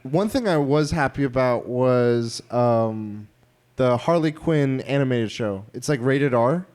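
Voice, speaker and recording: A man's voice: mid-range voice, lively intonation, measured pace, a little mellow. A man co-hosting a podcast in casual chat, rambling and retelling scenes with quoted voices. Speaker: podcast co-host.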